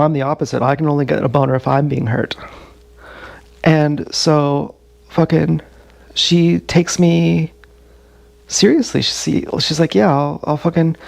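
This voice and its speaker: A streamer in his thirties tells a rambling, profane, confessional story in a casual livestream monologue. His voice sits on the high side, creaky and darkish, captured dry on an action camera.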